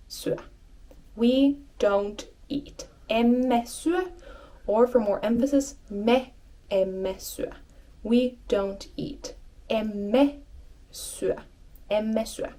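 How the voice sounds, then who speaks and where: A woman giving an online language lesson, patiently repeating phrases slowly and clearly and encouraging her learners. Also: mid-range voice, darkish tone. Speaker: language teacher.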